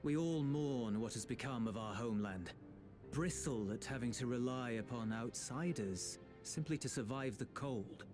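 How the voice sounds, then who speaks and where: A man's voice: medium pitch, normal speed, lightly acted. An earnest young man played by an actor speaks in heartfelt, resolute tones. It is game cutscene dialogue with music under it and a mid-range voice. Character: earnest young male patriot, resolute and pleading.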